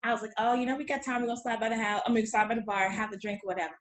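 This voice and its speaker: A woman guest in casual chat, telling a lively story, acting out quotes and laughing often. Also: fairly high pitch, very fast, echoey room, a little hiss or hum, poor audio.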